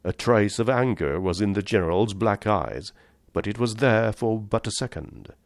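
A man narrating a short story in a measured, understated reading. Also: lowish voice, expressive, no room sound, studio quality.

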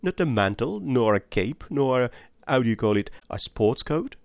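A man reading an audiobook, voicing a calm, precise elderly male Belgian detective with a put-on French-tinged accent. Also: medium pitch, moderate pace, gravelly, dry recording. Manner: precise, placid, calmly probing.

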